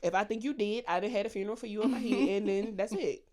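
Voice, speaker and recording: A woman's voice: medium pitch, fast. A woman co-hosting a podcast in casual chat, talking bluntly and full of cussing, acting out quotes as she tells stories. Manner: blunt, profane, animated storytelling with voiced quotes. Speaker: podcast co-host.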